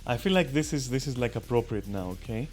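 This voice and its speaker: Talking fast with lively intonation in a mid-range voice, a man streams his video game play and chats casually to viewers. His humor is crude and he swears frequently, with faint game music in the background.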